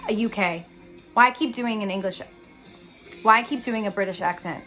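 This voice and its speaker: A woman's voice: mid-range voice, moderate pace, pauses often, a bit bright, soft background music. A young woman talking casually through a makeup tutorial, chatty, giggly and self-deprecating. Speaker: Broadway actress doing a makeup tutorial.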